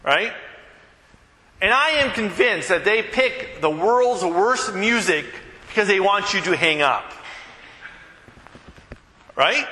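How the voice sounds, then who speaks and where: A male pastor delivers a chatty sermon in a high, lively voice that swings widely in pitch. His tone is bright and forceful, with a long echo from a church hall. He talks to the congregation with jokes and quick asides. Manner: conversational, animated, joking asides.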